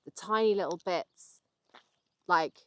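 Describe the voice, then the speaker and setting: A woman's voice: on the low side, slow pace. A young English woman vlogging with her husband in a casual chat, hesitant with many ums, explaining patiently. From England. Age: young adult.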